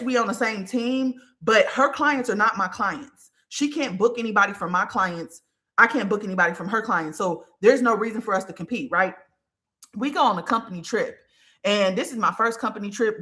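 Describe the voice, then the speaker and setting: A woman hosting a podcast, telling a personal story in a candid, profane, animated way. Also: mid-range voice. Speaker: podcast host. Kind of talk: casual storytelling monologue.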